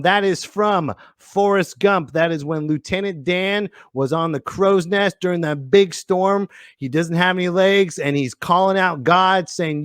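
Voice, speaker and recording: A man's voice: fairly high pitch, normal speed, no room sound, clean studio sound. A man in his thirties hosting a podcast with a goofy, jokey, rambling delivery. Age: 30s. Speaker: podcast host. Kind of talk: casual comedic monologue.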